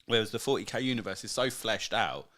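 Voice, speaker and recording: A man's voice: on the low side, fast, a bit bright. Laid-back joking man, says mate. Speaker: podcast co-host. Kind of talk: casual chat.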